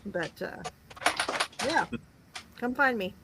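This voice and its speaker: A woman co-hosting a live reselling chat, relaxed and offhand. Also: a little high, takes it slowly, very noisy. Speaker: co-host. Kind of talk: casual live-stream chat.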